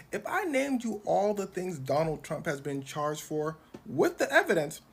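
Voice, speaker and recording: A man's voice: sits high, huge pitch swings, moderate pace, creaky, hardly any pauses, breathy edge. A man giving a punchy, sly comic monologue in a played clip. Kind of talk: stand-up style comic monologue.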